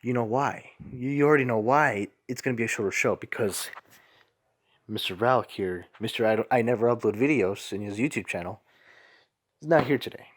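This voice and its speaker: A man's voice: medium pitch, fairly quick. A man hosting a casual soccer review show, talking in a rambling, chatty way and often correcting himself. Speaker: host.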